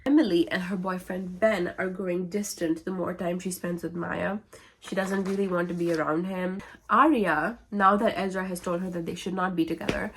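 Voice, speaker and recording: A woman with a low voice retells novels in a casual vlog. Her delivery is wry and sarcastic, full of offhand asides. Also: slight background noise. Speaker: book vlogger. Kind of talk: casual book-summary vlog.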